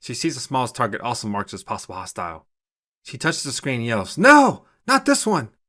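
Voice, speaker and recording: A man narrating a short story in a steady, even storytelling manner. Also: mid-range voice, quick pace. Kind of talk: scripted narration.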